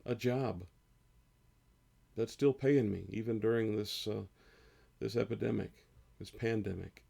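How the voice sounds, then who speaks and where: Slow, gravelly-voiced pastor. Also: male voice, on the low side, steady tone, mellow. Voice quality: gravelly, husky. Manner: slow, earnest, rises on emotional lines. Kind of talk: slow devotional sermon with scripture reading.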